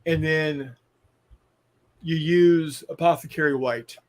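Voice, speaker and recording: A man co-hosting a casual hobby chat, halting and dryly teasing, often restarting his sentences. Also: a little high, steady tone. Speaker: co-host.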